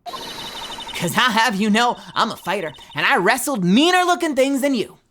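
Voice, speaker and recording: A woman doing a loud drawling Southern gal. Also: on the high side, lively intonation, moderate pace, background noise, close to an everyday voice. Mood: defensive. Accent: American Southern. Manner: drawling, boisterous, folksy. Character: brash Southern woman photographer, loud and folksy. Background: music.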